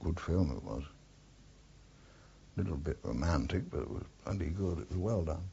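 A man's voice: deep voice, sing-song, moderate pace, creaky, mellow, a little hiss or hum. An older man, a war veteran, bluntly reminiscing in an oral history interview, swearing often and drifting off topic. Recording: dull lo-fi archive tape.

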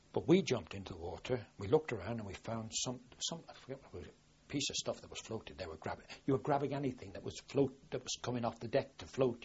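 A man's voice: on the low side, dull audio, slight background noise. An older man, a navy veteran, telling his wartime memories in a rambling oral history interview, full of restarts and quoted dialogue. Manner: rambling with frequent restarts, lively when quoting himself. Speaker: war veteran recalling service.

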